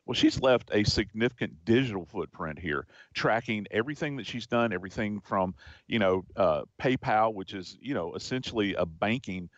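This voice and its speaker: A man speaks as a forensics expert guest on a crime talk show. He has a low voice and rambles with many fillers. The sound is dry and dull, like a lo-fi line. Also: expressive, normal speed, dry recording. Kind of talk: interview answers.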